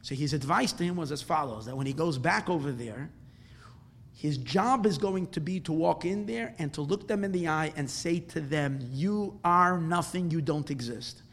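Male religious teacher, slightly high-pitched voice, animated storyteller who builds volume through repetition. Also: normal speed. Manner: animated, repetitive storytelling that swells louder at dramatic points. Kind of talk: storytelling lesson ending in a blessing.

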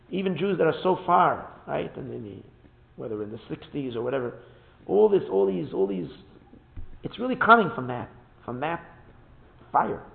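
A man giving a Hasidic Torah lecture, animated and repeating words as he searches for them, mixing in Hebrew phrases. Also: on the high side. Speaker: rabbi teaching a Torah class. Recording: phone-like narrow sound.

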